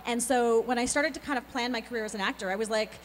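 Upbeat woman voice actor chatting at a con, kinda high voice, echoey hall with faint hum. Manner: bubbly, quick and laughing. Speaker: voice actor guest. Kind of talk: convention interview. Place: convention hall. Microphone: handheld mic. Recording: reverberant hall with faint background noise.

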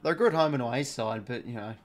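Speaking at a quick clip in a medium-pitched voice, an Australian man hosts a live football watch-along. He gives loose play-by-play, chats with viewers and reads their messages out. Goals get him excited.

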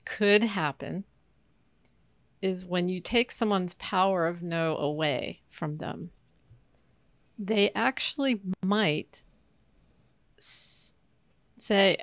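A woman who is a counselor and guest on a podcast, explaining calmly. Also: on the low side, very slow, long pauses, no echo. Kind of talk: interview.

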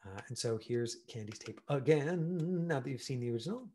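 A man teaching an online acting class, chatty and animated, full of fillers and acted-out examples. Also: medium pitch, a little fast, slight background noise. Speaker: acting coach.

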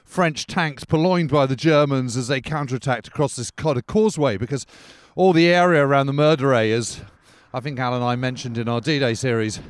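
A man's voice: medium pitch, a little fast, hardly any pauses, clear, resonant tone, no echo. A male podcast host giving a rambling on-location commentary outdoors, peppered with "sort of" and "kind of", while walking along a country road.

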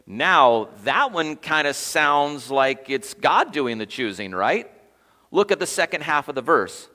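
A man's voice: medium pitch, big pitch swings, a little slow, sharp tone, in a large hall. A man preaching as pastor to his congregation in a conversational way, quizzing the room as he goes. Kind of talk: sermon. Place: church sanctuary.

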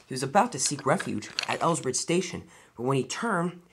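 Lively storyteller narrating a toy train tale. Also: mid-range voice, brisk, slight background noise.

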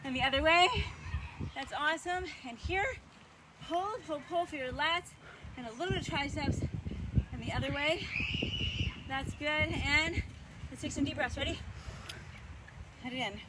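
Breathless high-voiced woman fitness coach. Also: normal speed, pauses often, very noisy. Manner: counts reps aloud and cheers on viewers. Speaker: fitness instructor. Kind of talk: live workout coaching.

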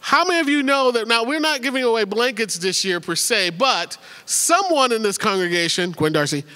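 A man's voice: very high voice, lively intonation, fairly quick, bright, forceful tone, clean tone. A man speaking as a pastor, giving chatty, joking announcements from the pulpit with many repeats and restarts in a church sanctuary. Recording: long hall reverb.

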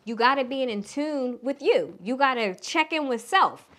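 A relationship coach offers frank, blunt advice in a casual vlog, now and then letting a curse word slip. She has a Philadelphia accent touched with Southern twang, and her slightly bright voice is a bit high for a woman. Her intonation is lively and her pace moderate.

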